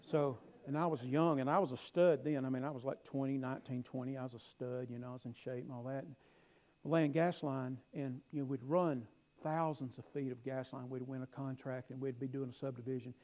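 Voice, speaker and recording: A middle-aged man preaching a sermon, telling stories with emphatic rises and quiet asides. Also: mid-range voice, level tone, brisk, low-quality recording. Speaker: pastor.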